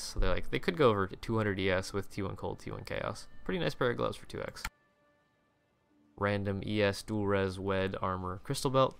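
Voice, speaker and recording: A man's voice: lowish voice, vocal fry, fairly bright tone. A young man casually commenting on game screenshots, rambling with many restarts and frequent swearing. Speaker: gaming video creator.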